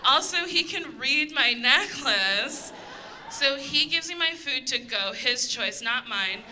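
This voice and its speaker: High, animated woman doing stand-up. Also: slow, noisy background. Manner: loud, animated storytelling with put-on voices. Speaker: stand-up comedian. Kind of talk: stand-up comedy set. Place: comedy stage before a live audience.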